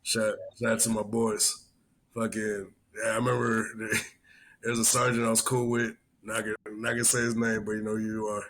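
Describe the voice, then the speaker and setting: A man's voice: fairly low pitch, brisk. Profane rambling male podcast host. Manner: profane, rambling, animated storyteller. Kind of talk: casual chat.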